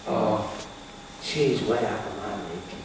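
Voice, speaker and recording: A man voicing his own gloomy, self-defeating inner voice in a low mutter, heard from far off in an echoey hall. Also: takes it slowly, background noise.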